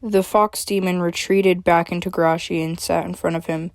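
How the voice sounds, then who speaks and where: A woman's voice: fairly low pitch, steady tone, normal speed, no room sound, clean studio sound. A woman reading her own story aloud, after a chatty introduction with fillers.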